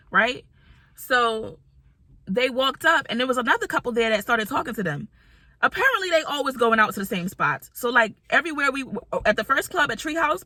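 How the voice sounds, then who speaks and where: A woman vlogger telling a dating story in a lively, chatty way. She acts out what everyone said. Her voice is bright and a little high, recorded dry and close. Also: dry recording. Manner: animated, chatty, acts out quotes. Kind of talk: casual storytelling.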